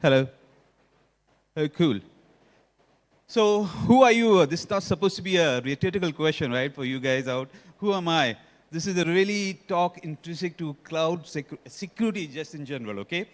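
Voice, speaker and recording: A man's voice: on the high side, lively intonation, moderate pace. A man with an Indian accent giving a technical conference talk, often quizzing the audience. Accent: Indian English. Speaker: conference speaker. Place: conference hall stage. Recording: long reverb of a conference hall.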